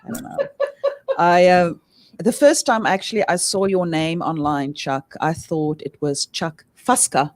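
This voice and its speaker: A woman's voice: lowish voice, a little slow. A woman co-hosting a talk show, chatting in a playful, teasing way. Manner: playful, teasing, laughs along. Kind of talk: casual talk-show chat. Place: studio.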